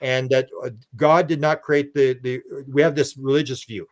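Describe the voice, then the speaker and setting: Older man telling animated stories. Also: mid-range voice, moderate pace. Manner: rambling storyteller who acts out quoted dialogue, frequent restarts. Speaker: interview guest, researcher. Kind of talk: casual conversational interview.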